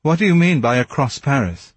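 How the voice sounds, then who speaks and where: A man's voice: medium pitch, lively intonation, brisk, dry recording, pitched above the performer's own voice, lightly acted. A man voicing an impatient, anxious young nobleman who gives short, clipped replies.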